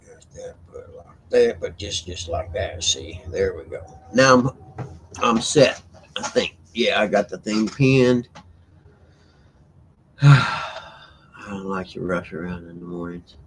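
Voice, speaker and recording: A man's voice: low voice, animated, slow pace, pauses often, a little hiss or hum, low-quality recording. A man hosting a live stream, rambling in a laid-back way and chatting to viewers by name. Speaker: livestream host reading chat. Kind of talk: casual live-stream chat.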